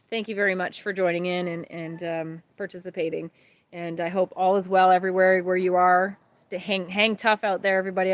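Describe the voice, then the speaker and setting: A woman, chatting casually as a homesteading host on a livestream, rambling and warm-hearted. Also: medium pitch, no room sound. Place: outdoors at night by a grill.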